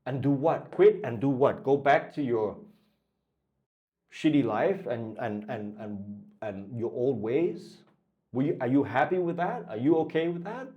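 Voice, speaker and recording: A man's voice: medium pitch, expressive, a little slow, lo-fi sound. A man coaching traders in a blunt motivational talk. He swears freely and keeps pushing the listener with repeated questions. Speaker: trading coach.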